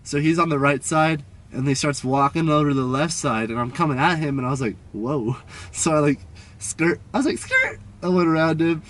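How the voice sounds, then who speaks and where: A man's voice: fairly high pitch, quick pace, a bit bright. A young man co-hosting a podcast, laid back and full of surfer slang, retelling a run-in in casual chat. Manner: laid-back surfer slang, quotes people in raised voices. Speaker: podcast co-host.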